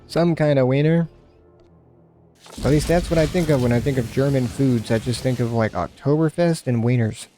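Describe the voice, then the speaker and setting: Joking, mellow-voiced gaming host. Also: male voice, medium pitch, fairly quick, few pauses, faint music behind. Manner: joking, rambling, self-mocking. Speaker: let's play host. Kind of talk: casual gameplay commentary.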